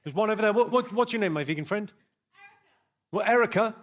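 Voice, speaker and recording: On a large theater stage, a stand-up comedian with a high voice scolds an audience member in dry, mock-stern fashion, animated and a little fast. Loud laughter from the crowd fills the live recording of his set.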